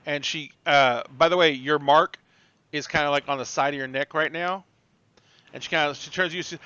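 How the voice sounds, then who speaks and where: A man's voice: on the high side, steady tone, fairly quick, pushed and bright, clean tone, highs cut off. A man narrating as game master of a tabletop game, casual and rambling with lots of fillers.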